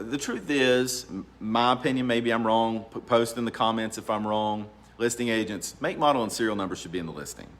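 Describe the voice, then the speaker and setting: A man, an attorney giving casual, rambling advice and laughing often. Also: lowish voice. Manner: relaxed, rambling, laughs often, many ums. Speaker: real estate attorney. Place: law office.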